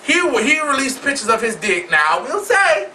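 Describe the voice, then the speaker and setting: Very high, bright-voiced sassy man. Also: sing-song, normal speed, recorded from a distance, slight background noise, poor audio. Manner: sassy, flamboyant and profane, addressing viewers directly. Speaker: vlog host. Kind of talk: celebrity gossip rant.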